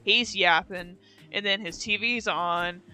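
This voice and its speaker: A woman's voice: mid-range voice, takes it slowly, pushed and bright, clear, resonant tone. A young woman streamer chatting casually, slangy and laughing often. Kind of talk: casual chat.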